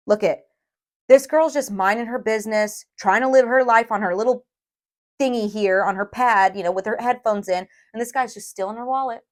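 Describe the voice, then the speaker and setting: A woman giving a tarot reading to viewers, emphatic and emotional, often checking in with a quick "okay?". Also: fairly high pitch. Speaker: tarot reader.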